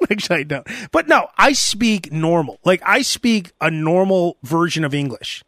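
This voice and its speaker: A man hosting a podcast in casual chat, telling stories in an animated way and slipping into mock voices. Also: high voice, normal speed, no echo, studio quality. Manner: animated storyteller, often slips into mock voices. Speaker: podcast host.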